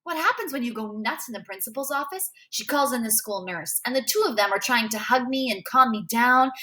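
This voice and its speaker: A woman reading a novel aloud as a first-person storyteller, in an expressive way. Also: on the high side, a little fast. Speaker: reader.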